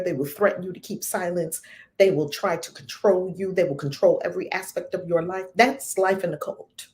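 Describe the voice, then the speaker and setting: A woman's voice: on the low side, a little mellow. A woman spiritual teacher speaking emphatically and preaching, full of rhetorical questions.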